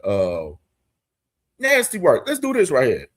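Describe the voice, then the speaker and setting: A man hosting a casual boxing commentary stream, talking in with profane banter and frequent loud laughing fits. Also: medium pitch, wildly swooping pitch, unhurried. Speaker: boxing show host.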